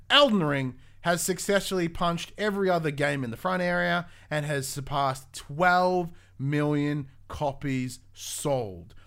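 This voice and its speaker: Animated, swearing gaming podcaster. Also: male voice, on the high side, slow pace, vocal fry. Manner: animated, swears freely, frequent restarts. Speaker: podcast co-host. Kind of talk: casual gaming news chat.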